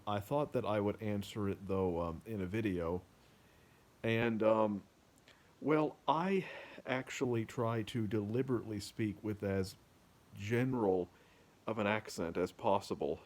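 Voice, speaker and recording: A man's voice: lowish voice, darkish tone. Hesitant man with a faint Kentucky lilt. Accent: general American with slight Kentucky undertones. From Kentucky, USA. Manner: hesitant, many ums and restarts. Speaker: author vlogger. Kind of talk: casual talk to camera.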